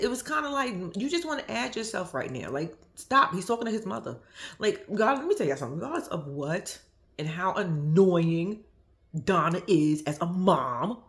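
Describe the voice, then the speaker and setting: Young woman, reaction vlogger, very animated pitch, curses freely, laughs a lot, acts out quotes. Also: normal speed. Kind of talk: casual reality-show commentary.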